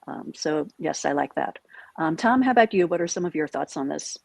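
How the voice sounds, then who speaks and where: A woman with a low, gravelly voice moderating a panel discussion. She speaks briskly, sums up each answer and passes the floor on, and the sound is dry and close. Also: lively intonation, a little mellow, no echo.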